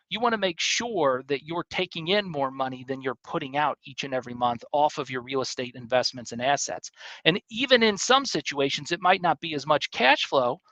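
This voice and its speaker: Earnest man teaching, slightly higher voice. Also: fairly bright tone, no echo, rough recording. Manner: earnest, repetitive, preacherly emphasis. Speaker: show host. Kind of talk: teaching monologue.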